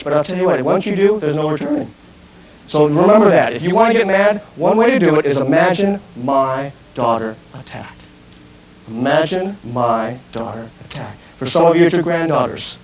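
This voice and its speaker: Self-defense instructor, male, high-pitched, intense, talks straight at a live seminar crowd. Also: big pitch swings, brisk, rough recording. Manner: intense, direct, questions the audience. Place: room with an audience. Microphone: archive video recording.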